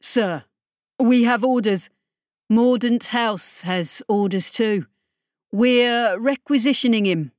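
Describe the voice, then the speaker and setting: A woman's voice: a little high, takes it slowly, no room sound, clean studio sound. A woman doing a cool clipped male agent. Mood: commanding.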